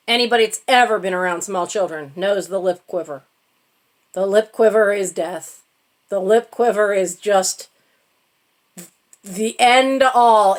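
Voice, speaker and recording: A middle-aged woman telling a comic holiday story to her channel in a casual, self-mocking way, laughing as she goes. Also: mid-range voice. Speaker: channel host.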